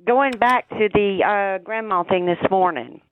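A woman's voice: mid-range voice, unhurried, no echo. Female radio caller, chatty and earnest, dry phone-line sound. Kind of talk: phone call to radio show.

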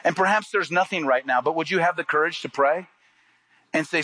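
A man's voice: fairly high pitch, brisk, pushed and bright, low-quality recording. A man preaching a sermon, reading scripture and driving points home with emphatic rises. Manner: preaching with rising emphatic peaks and quoted asides. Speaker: pastor.

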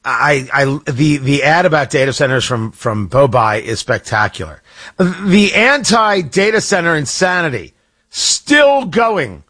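Talk radio host, man, lively swooping delivery, sarcastic asides. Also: a little high, unhurried. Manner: sarcastic, animated, rambling asides. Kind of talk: opinionated talk radio commentary. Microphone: studio microphone.

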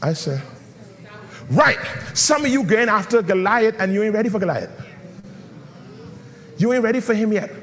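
A man's voice: high-pitched, expressive, moderate pace, pauses often, fairly bright tone, long reverb tail. A man preaching a sermon as pastor, calling on the congregation and breaking into a chanting, sung delivery. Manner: preaching with call-and-response, swinging into a sung chant.

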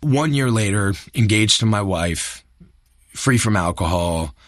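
A man with a fairly low voice speaks in a candid interview, earnest and searching, stumbling over repeated words before he lands his thought. The sound is close and dry, with no room around it. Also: animated, a bit bright, no echo. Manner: earnest, halting, many restarts and repeated words. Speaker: actor, guest.

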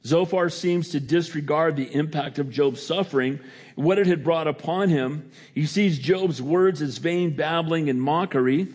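A middle-aged male pastor delivering a sermon with a fairly high voice for a man. He talks conversationally to his congregation, leaping upward in pitch to stress a point and then falling soft and low on the heavy moments. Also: unhurried, husky. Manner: preaching with sudden pitch jumps and quiet drops.

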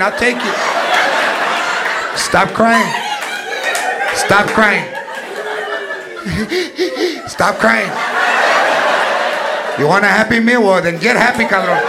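A man's voice: high-pitched, heavy background noise, full character voice. A man doing a fierce grandma scolding a kid. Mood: coaxing. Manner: scolding, mixes Spanish into English. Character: strict old Mexican grandmother scolding a child. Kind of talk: stand-up act-out. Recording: live club with loud audience laughter.

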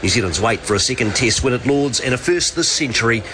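Male reporter over clear background noise. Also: medium pitch, animated, fast talker, bright, forceful tone. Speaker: cricket reporter. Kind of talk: recorded news report.

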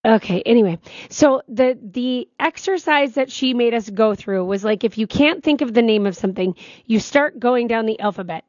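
A woman, co-hosting a talk show and telling stories in animated, casual chat. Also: fairly high pitch, moderate pace, hardly any pauses, no room sound, lo-fi sound. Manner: chatty, animated storytelling. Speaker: radio show co-host.

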